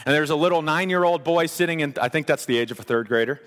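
A man with a fairly high voice preaching a sermon, stressing points through repetition and slipping into casual asides. His voice rings out with a long reverb, as in a large sanctuary. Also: fast talker, fairly bright tone. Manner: emphatic repetition, conversational asides. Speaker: pastor.

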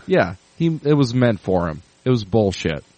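A man's voice: medium pitch, very animated, moderate pace, mellow, dry recording. Ranting, profane man, dry sound. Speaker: podcast host. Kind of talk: casual chat.

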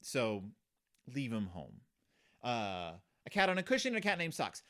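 A man's voice: medium pitch, huge pitch swings, normal speed, fairly bright tone. A man hosting a podcast, riffing sarcastically on a children's book in a rambling way, full of fillers and restarts. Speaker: podcast host. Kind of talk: comedic book commentary.

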